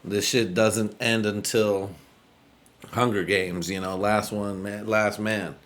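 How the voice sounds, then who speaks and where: A laid-back man from the United States riffs through a rambling podcast monologue, swearing freely as he goes. His voice sits a little low and stays easygoing. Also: steady tone, slow, a bit bright. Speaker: podcast host.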